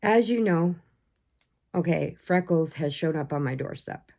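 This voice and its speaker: A woman chatting casually on her own channel, ranting in an animated way and acting out voices for her pets. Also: low voice, unhurried, gravelly. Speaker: vlogger.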